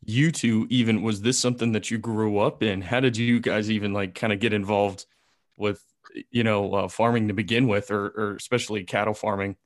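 A man's voice: on the low side, steady tone, brisk. A man co-hosting a podcast who talks with slangy enthusiasm, in casual chat and sponsor plugs. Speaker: podcast co-host.

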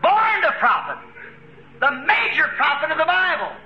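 An American man preaching a fervent sermon, chuckling between lines and rising to shouts. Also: extremely high pitch, wildly swooping pitch, normal speed, highs cut off, slight background noise. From United States.

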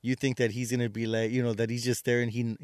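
Male podcast co-host, rambling casual recap, smooth resonant tone, dry close sound. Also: medium pitch, flat delivery, fast, darkish tone, no room sound. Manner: rambling retelling with many fillers and restarts. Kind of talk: casual movie recap chat.

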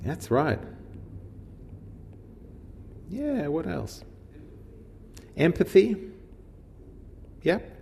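Very slowly and with vocal fry, a fairly high-voiced preacher teaches from the Gospel in a big-sounding room, a little hiss or hum in the background. His conversational sermon is animated and informal, full of questions to his listeners.

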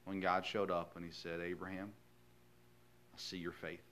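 Bright-voiced preacher, folksy and earnest. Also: male voice, sits low, little pitch movement, moderate pace, a little hiss or hum. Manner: folksy, earnest storytelling with sudden loud emphasis. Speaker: pastor. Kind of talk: sermon.

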